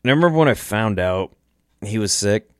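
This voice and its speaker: A man's voice: on the low side, expressive, a little fast, no echo, studio quality. A man hosting a podcast, telling a story casually in a rambling, chuckling way, with restarts and swearing. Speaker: podcast host.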